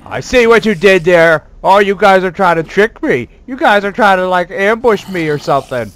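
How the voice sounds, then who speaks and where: A man doing let's play commentary as a gaming host, excitable and quick to swear, yelling at sudden scares and bragging playfully. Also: high-pitched, smooth, no echo. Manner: playfully boastful.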